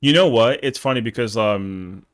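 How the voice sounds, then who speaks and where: A man's voice: medium pitch, normal speed. A young man chatting casually on a live stream, rambling in slang with lots of fillers.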